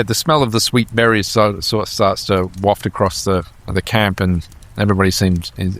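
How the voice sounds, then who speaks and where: A man narrating a tabletop game as game master, calm and steady. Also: fairly low pitch.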